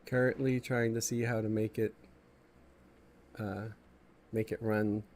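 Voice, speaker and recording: A man's voice: fairly low pitch, flat delivery, a little slow, darkish tone, a little hiss or hum. Congested man chatting on a game stream. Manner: laid-back, chuckling, reads chat aloud. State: congested, stuffy morning voice. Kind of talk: casual live-stream chat while gaming.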